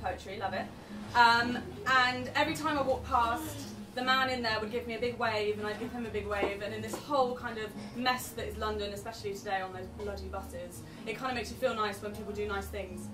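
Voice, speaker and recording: A woman's voice: on the high side, a little fast, hardly any pauses. Young woman performing poetry live, echoey. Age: young adult. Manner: wry, self-deprecating banter between poems. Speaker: poet. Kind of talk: live spoken word performance. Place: live event venue. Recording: echoey room, distant mic, venue noise.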